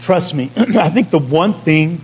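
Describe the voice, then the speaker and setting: A man preaching at a measured, unhurried pace, his voice sitting a little high. He speaks plainly, like a pastor in conversation with his flock, drawing out key words and checking in with the congregation. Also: expressive, husky, poor audio. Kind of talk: sermon.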